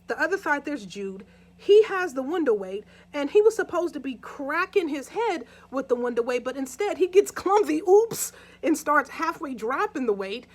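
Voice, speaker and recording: A young woman with a high voice tells a true crime story in a loose, chatty way. She keeps checking in with her listeners and acts out the scenes as she goes.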